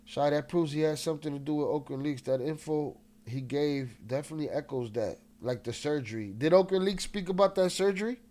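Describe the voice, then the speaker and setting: A man's voice: a little high, a little fast, few pauses, warm tone. A man hosting a casual livestream, restless and agitated, swearing often and greeting chat members, with a slightly nasal voice. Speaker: livestream host.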